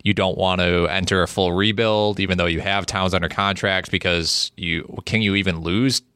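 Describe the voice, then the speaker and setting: Very deep, bright-toned man, dry sound. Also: fairly even intonation, moderate pace, clean tone, no echo. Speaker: podcast co-host. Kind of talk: casual basketball trade talk.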